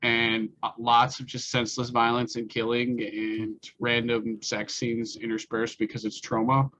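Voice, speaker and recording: A man co-hosting a podcast in casual chat, recommending a release in a relaxed way with lots of fillers. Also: medium pitch, measured pace, low-quality recording. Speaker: podcast co-host.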